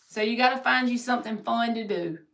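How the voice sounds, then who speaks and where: A woman's voice: a little high, brisk, vocal fry, fairly bright tone. Encouraging woman giving a live tarot reading. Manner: reads viewers' chat aloud and answers them; upbeat, encouraging. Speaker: tarot reader.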